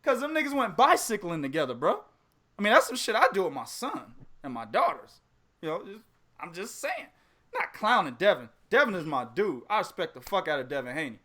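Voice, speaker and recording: A man hosting a podcast in casual chat, animated and laughing often as he trash-talks in a profane way. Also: high-pitched, fairly quick. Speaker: podcast host.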